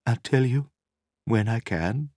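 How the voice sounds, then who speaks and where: A man voicing a nervous young woman in a spy story, husky and soft-spoken with a tremulous edge. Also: medium pitch, animated, slow pace, dry recording, studio quality, pitched above the performer's own voice. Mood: tense.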